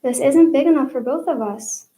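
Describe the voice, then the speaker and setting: A woman's voice: sits high, moderate pace, warm tone, reverberant, pitched above the performer's own voice, natural voice. A woman reading aloud and voicing a determined, protective boy, speaking steadily and urgently.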